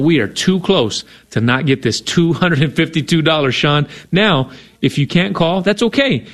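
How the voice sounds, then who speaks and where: A man's voice: on the high side, animated, moderate pace. A man co-hosting a radio fundraiser, coaxing listeners to give in an earnest, persuasive way and often adding "right?". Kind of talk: on-air fundraising appeal.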